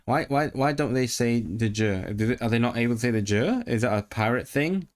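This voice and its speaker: A man's voice: mid-range voice, lively intonation, fairly quick, few pauses. A man casually chatting on a language-learning livestream, musing aloud, answering chat and practising rolled R sounds.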